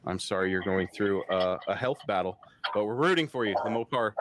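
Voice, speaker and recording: A man's voice: on the low side, brisk, heavy background noise. A man hosting a casual live-stream chat, laughing often and reading viewer comments aloud. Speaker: podcast host.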